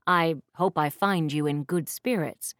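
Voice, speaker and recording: A woman's voice: low voice, a little slow, dry recording, studio quality. A woman voicing a haughty young prince who speaks curtly and sarcastically in an audiobook. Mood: curt, mocking. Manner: sarcastic, snappish. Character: haughty young adult prince, curt and commanding.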